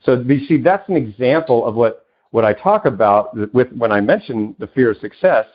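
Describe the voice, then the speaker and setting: Guy on a podcast telling coaching stories, animated, does little voices for people he quotes, slightly dull audio. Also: mid-range voice, normal speed. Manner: loose, with many "you know" fillers. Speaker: podcast guest, success coach and author. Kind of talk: conversational interview storytelling.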